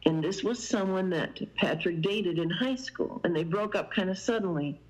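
A woman's voice: lowish voice, moderate pace, poor audio. Woman guest telling a story, meandering. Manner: meandering, many "you know" fillers. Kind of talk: conversational storytelling.

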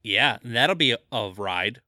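A man co-hosting a comedy podcast, agreeable and quick with chuckling reactions. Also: mid-range voice, lively intonation, pushed and bright, dry recording, studio quality. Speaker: podcast co-host. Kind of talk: casual comedic chat.

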